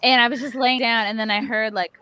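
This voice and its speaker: Animated, fairly high-voiced woman host. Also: fairly quick, smooth. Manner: animated, jokey storyteller. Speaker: podcast host. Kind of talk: casual group chat.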